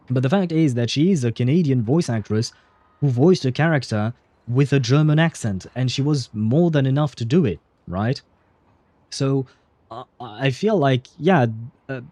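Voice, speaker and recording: A male game streamer thinks out loud in an easygoing, meandering way. He often stops himself with fillers and little chuckles. His voice is mellow and dark and sits at an average pitch. The sound is dry and close to the mic. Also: dry recording. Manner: rambling and hesitant, with many fillers and chuckles. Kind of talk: casual livestream commentary.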